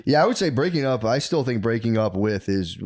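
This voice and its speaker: A man's voice: mid-range voice, lively intonation, a little fast, a little mellow. A man in his thirties telling rambling, comedic stories as a podcast co-host, full of fillers. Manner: rambling storytelling with lots of fillers. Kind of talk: casual comedic chat.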